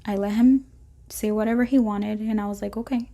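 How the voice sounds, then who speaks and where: Gravelly-voiced woman telling a story. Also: medium pitch, steady tone, brisk, dark tone. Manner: rambling storytelling, acts out dialogue with "da, da, da". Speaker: vlogger. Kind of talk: casual storytime vlog.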